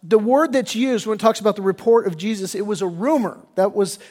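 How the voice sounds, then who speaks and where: A man's voice: high voice, a little fast, a little mellow, big-room sound. A male pastor preaching a sermon in a church sanctuary, talking in a folksy, conversational way with stumbling restarts.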